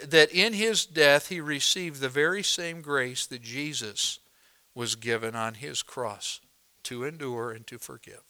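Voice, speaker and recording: Bright-voiced preacher, soft to booming. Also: male voice, clean tone. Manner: dynamic preaching, swings from hushed to loud emphatic. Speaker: pastor. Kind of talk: sermon.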